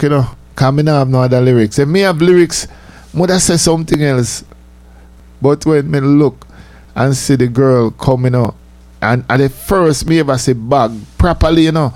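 A man's voice: mid-range voice, a little mellow, dry recording. A man, telling a casual personal story, chatty and laughing often. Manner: chatty, laughing, repeats himself, says "you know" often.

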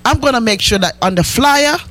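A man's voice: very high voice, expressive, a little fast, bright, forceful tone, exaggerated voice. A man playing an older Jamaican woman hosting a comic radio call-in show, chattering in patois with cackling laughs. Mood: gossipy.

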